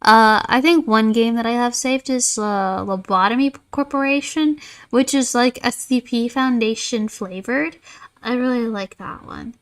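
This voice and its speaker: Streaming a game while worn out and yawning, a woman chats in a rambling manner, mocking herself and throwing out dry, sarcastic jabs and teasing insults. Her somewhat high voice is smooth and measured in pace.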